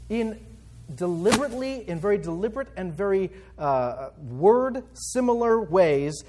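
Male Bible teacher, high voice, conversational, quick rhetorical questions. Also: darkish tone, breathy edge.

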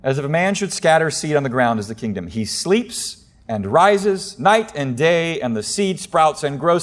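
Animated male preacher giving a sermon. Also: normal speed, few pauses. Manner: animated, acts out quoted voices with sudden loud high bursts. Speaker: pastor.

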